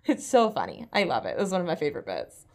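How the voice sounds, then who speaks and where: A woman's voice: low voice, fast talker. A woman co-hosting a podcast, chatting casually, jumping in and laughing. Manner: animated, jumps in, laughs, acts out quotes. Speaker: podcast co-host. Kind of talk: casual chat.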